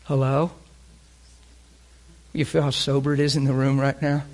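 A man preaches with fervor and clear emotion, asking the congregation questions as he veers between loud emphasis and hushed near-whispers. His voice is mid-range with a level tone, and his pace is moderate.

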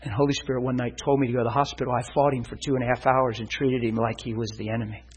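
A man preaching, telling his own story as a sermon testimony, animated and often laughing. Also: mid-range voice, rapid-fire, husky, low-quality recording.

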